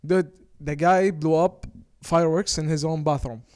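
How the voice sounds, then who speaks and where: A man in casual sports chat, teasing and jumping in with quick remarks and laughs. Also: on the high side, steady tone, a little mellow, clean tone, no echo, clean studio sound. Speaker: podcast co-host.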